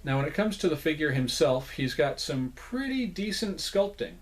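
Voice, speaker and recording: A young adult man casually narrating a showcase of his toy collection as the channel host, rambling in a relaxed way with frequent fillers and self-deprecating asides. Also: fairly high pitch, normal speed.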